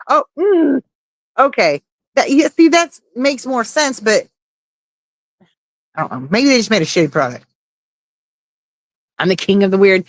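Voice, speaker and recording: In a dry recording, a mid-range female voice runs a laid-back livestream. She chats and reads out comments from viewers, laughs frequently, and swears in a casual way.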